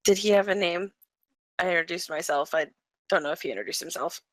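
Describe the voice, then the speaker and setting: Woman player, lowish voice, quick straight questions, dry close sound. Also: no room sound. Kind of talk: tabletop role-play.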